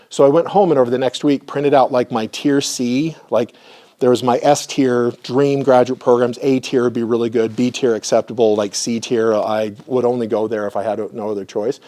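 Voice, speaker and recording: A middle-aged man giving a live lecture with personal stories to an audience in a room, conversational and often clearing his throat. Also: mid-range voice, fairly quick, warm tone.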